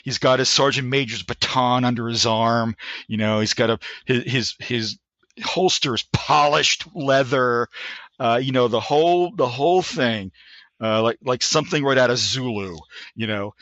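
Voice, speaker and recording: Forceful, bright older man. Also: mid-range voice, moderate pace, no echo, highs cut off. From United States. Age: 60s. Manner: animated, frequent restarts, acts out quotes. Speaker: guest, Army veteran. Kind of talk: anecdotal storytelling in a podcast interview.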